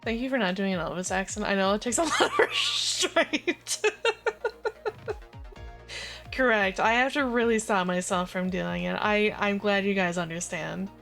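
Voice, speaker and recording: A woman's voice: mid-range voice, big pitch swings, moderate pace, gravelly, a bit bright, soft background music. A woman streamer chatting and joking while playing through a game live. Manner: chatty and joking, laughs often. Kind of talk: live game playthrough commentary.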